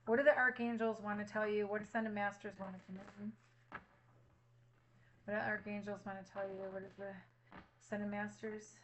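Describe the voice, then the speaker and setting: A woman's voice: medium pitch, level tone, fairly quick, long pauses, slight background noise, rough recording. A woman reading tarot cards for her viewers, earnestly reassuring them and repeating affirmations. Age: adult with a child at home. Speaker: tarot reader.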